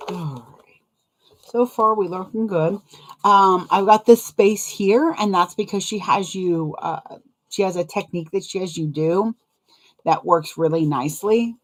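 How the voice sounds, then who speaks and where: A woman's voice: fairly low pitch, measured pace. A young adult woman chatting casually while sewing, rambling and self-deprecating, laughing often and wincing from a sore foot. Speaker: sewing vlogger.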